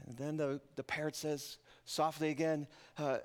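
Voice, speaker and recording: A pastor preaching in a joking, easy way. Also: male voice, fairly high pitch, fairly even intonation, moderate pace, hardly any pauses. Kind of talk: sermon. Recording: podcast intro over loud guitar music.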